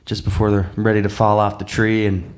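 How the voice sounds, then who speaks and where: A man's voice: fairly low pitch, a little fast. Laid-back man telling stories. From Newfoundland, Canada. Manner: relaxed, chatty, laughing asides. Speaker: singer-songwriter and storyteller. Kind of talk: live stage storytelling between songs. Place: small live listening-room venue.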